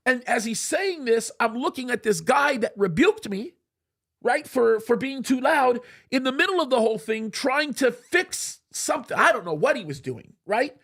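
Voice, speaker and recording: A male show host telling a story in a casual studio chat, animated and acting out what people said. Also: extremely high pitch, moderate pace, creaky. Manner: animated, acts out quoted speech.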